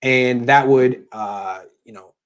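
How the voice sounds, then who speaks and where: A man in his thirties answers viewer questions on a live sports show. He talks casually and thinks out loud, now and then slipping into sarcastic asides. His voice sits in a middle pitch. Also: takes it slowly.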